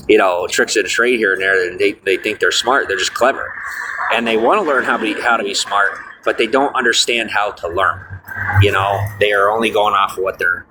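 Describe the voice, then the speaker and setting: A fairly low-voiced young man rambles to his viewers, stopping and restarting with lots of fillers. He sounds preachy and defiant, and faint street noise runs under him. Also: bright, forceful tone, poor audio.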